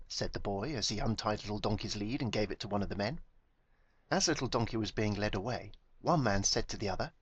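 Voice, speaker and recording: A man reading his own children's story aloud with gentle, expressive storytelling. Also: fairly low pitch, brisk, slightly rough, no room sound. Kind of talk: storybook narration.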